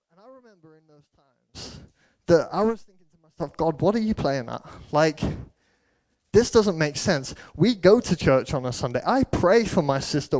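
A man's voice: a little high, a little mellow. A man preaching a sermon, telling personal stories in a casual, chatty way with frequent ums.

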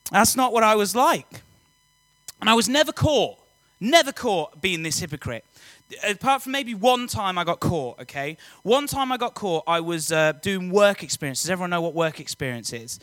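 A young man giving a lively, joking personal testimony talk to students, often quizzing the audience. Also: sits high, no echo. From England. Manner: energetic, jokey, audience-engaging. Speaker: youth speaker.

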